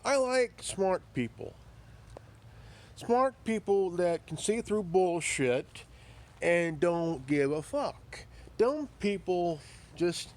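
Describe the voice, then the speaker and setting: A man rants slowly and profanely, pressing each point with blunt, halting repetition. His speaking voice sits a little higher than most men's. He talks like a commentary vlogger who is cornering his audience. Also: darkish tone. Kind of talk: ranting monologue.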